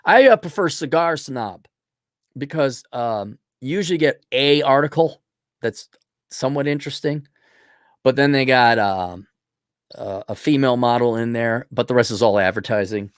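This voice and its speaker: A middle-aged man hosting a livestream, reading viewer donations and ranting bluntly with profanity, frequent throat-clearing, and a voice that is giving out. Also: medium pitch, moderate pace, dry recording, clean studio sound. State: losing his voice. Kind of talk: blunt opinionated livestream rant.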